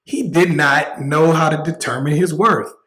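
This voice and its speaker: A man's voice: a little high, fairly even intonation, measured pace, sharp tone, reverberant, rough recording. A man hosting a casual livestream, talking bluntly and joking as he preaches his point. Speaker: livestream host.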